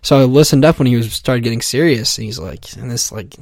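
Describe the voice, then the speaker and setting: A man's voice: mid-range voice, a little fast. A young man telling a comic personal story in a casual, profane, self-mocking way, full of fillers. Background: music.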